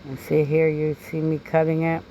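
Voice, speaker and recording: A woman's voice: deep voice, flat delivery, moderate pace, dark tone, a little hiss or hum, rough recording. A woman hosting a craft channel, talking through her project in a chatty way with many fillers and tag questions like "okay?". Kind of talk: crafting tutorial voice-over.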